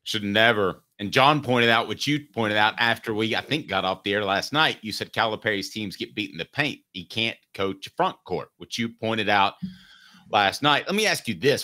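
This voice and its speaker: A middle-aged man hosting a sports talk show, talking in an animated, joking way. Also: on the low side, normal speed. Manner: animated, does mock impressions.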